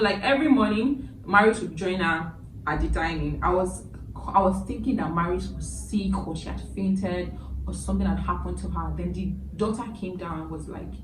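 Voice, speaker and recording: A woman chatting through a movie review in a casual, emotional way, with lively asides. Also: on the low side. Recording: echoey room, distant mic, background noise.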